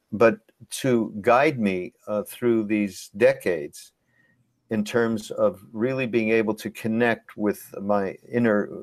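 Low-voiced reflective male host. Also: no echo. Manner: reflective, unhurried, searching for words. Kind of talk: webinar Q&A conversation.

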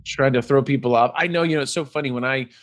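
A man's voice: medium pitch, fast. A man hosting a podcast interview, talking with eager enthusiasm and rambling restarts. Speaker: podcast host. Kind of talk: casual interview chat.

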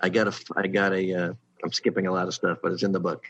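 A man's voice: low-pitched, quick pace, slightly rough, no echo, muffled recording. A middle-aged man, a sitcom writer, telling show-business anecdotes in casual chat and acting out the people he quotes. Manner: animated storyteller who acts out quoted people.

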